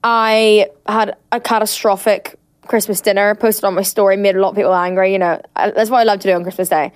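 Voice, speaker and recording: A woman's voice: mid-range voice, flat delivery, brisk, clean tone, dry recording, studio quality. A young Irish woman hosting a podcast, chatting casually with lots of fillers and the odd swear word. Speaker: podcast host. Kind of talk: casual chat.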